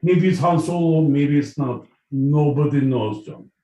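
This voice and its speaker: A man voicing a gloomy Russian man complaining about hard times, in an exaggerated mock Russian accent with deadpan delivery and broken grammar. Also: on the high side, unhurried, natural voice. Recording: echoey room, mic at a distance.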